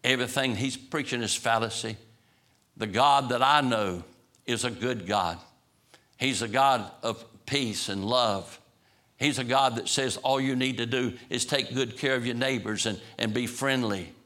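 A man's voice: mid-range voice, a little slow, sharp tone. A man preacher voicing a self-assured religious man who waves off another's teaching. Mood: dismissive.

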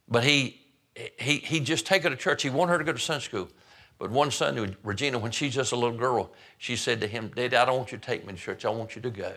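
Male pastor, mid-pitched, earnest storytelling sermon delivery. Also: sharp tone. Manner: fervent preaching with storytelling and frequent restarts.

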